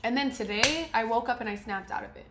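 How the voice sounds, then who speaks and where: A woman's voice: a little high, fast talker, noisy background. A woman giving an emphatic, preachy motivational talk to camera, repeating her key phrases. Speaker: motivational speaker. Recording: roomy echo, faint ambience.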